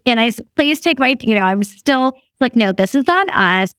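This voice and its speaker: Lady in her 50s chatting, kinda high voice, laughs a lot, dry close sound. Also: normal speed, no room sound. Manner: laughs often while talking, animated quoting of others. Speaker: guest. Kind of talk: casual storytelling.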